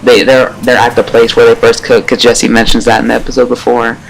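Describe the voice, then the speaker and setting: A man giving a casual spoken episode review, rambling and excitable, with lots of fillers and casual swearing. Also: medium pitch, a little fast, vocal fry, slight background noise, rough recording.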